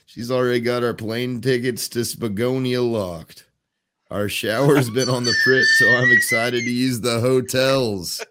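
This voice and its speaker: A man's voice: mid-range voice, fairly even intonation, a little slow, bright, forceful tone, a little hiss or hum. A man voicing a kindly older male train conductor about to retire, jovial and chatty.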